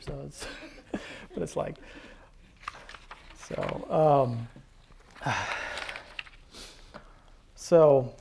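A man tells a heartfelt personal faith testimony as a father. He speaks in an earnest, devout way, often pausing, restarting and filling gaps with small hesitations. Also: medium pitch, vocal fry, dark tone. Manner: earnest, halting, with many fillers and restarts. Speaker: father telling his testimony.

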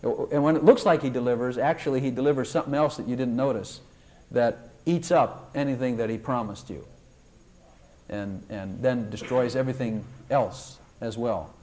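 Acting out prayers in high, rising tones, an older man preaches to a congregation. His delivery is emphatic and full of animation.

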